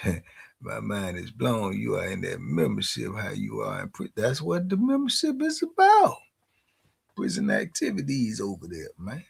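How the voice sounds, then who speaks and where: A man's voice: on the low side, vocal fry, husky. A man hosting a live stream in casual chat. He laughs often and keeps asking "you dig?". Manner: laid-back slang talk, laughs often, asks "you dig?".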